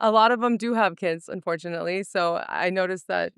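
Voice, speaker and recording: Casting: upbeat, giggly woman, very clear voice, dry close mic. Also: on the low side, a little fast, dry recording. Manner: giggly, upbeat, laughs often. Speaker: event host and co-organizer. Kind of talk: casual chat.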